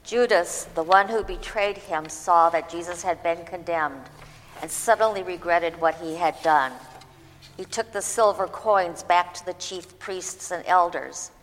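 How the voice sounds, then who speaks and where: Female reader with a fairly low voice and a steady delivery, in a reverberant hall. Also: measured pace, slight background noise. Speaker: scripture reader. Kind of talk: reading aloud.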